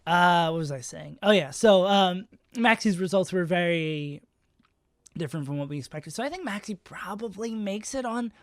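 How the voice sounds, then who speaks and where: This high-sitting male voice moves at a moderate pace with lively intonation, captured at studio quality with no echo. He is live streaming, chatting loosely about player rankings in a self-mocking, meandering way, with plenty of fillers and restarts.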